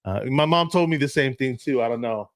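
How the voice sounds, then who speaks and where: A man's voice: mid-range voice, animated, a little fast, dry recording. Chatty guy hosting a sports stream, laughs a lot, dry close sound. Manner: chatty, laughs often, reads viewer comments. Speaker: host. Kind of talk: casual live sports chat.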